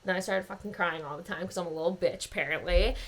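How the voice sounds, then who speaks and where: A woman's voice: on the low side, quick pace, fairly bright tone. A young woman chatting casually as a podcast guest, laughing often and swearing freely. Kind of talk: casual chat.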